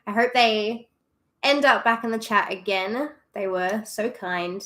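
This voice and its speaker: A woman's voice: medium pitch, fairly even intonation, unhurried, pushed and bright. A young Australian woman chatting casually with viewers on a livestream, giggly and self-deprecating. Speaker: streamer.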